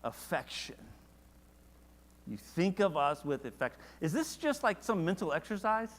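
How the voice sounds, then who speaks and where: A man's voice: high voice, normal speed, big-room sound. Conversational man teaching a Bible class. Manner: conversational, asks the class questions, animated when reading verses. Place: church classroom.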